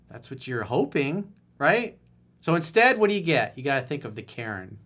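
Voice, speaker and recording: A man's voice: medium pitch, big pitch swings, normal speed, a bit bright. A man working as a dating coach who reads viewer emails aloud and gives blunt, exasperated commentary on them.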